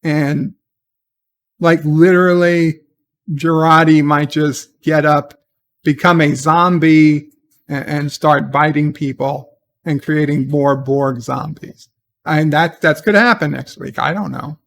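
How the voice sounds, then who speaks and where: Slow, gravelly-voiced man reviewing a show. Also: on the high side, steady tone, fairly bright tone. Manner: exasperated, rambling, with repeated restarts. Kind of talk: casual spoken review.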